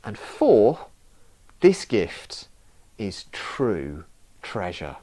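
Animated, slow-speaking preacher. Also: male voice, fairly low pitch. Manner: storytelling, self-mocking humour. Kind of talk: sermon.

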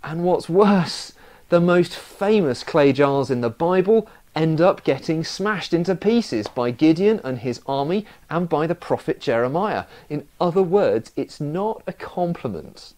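A man's voice: on the high side, very animated, unhurried, a little mellow. A man preaching a sermon, telling stories with self-mocking humour.

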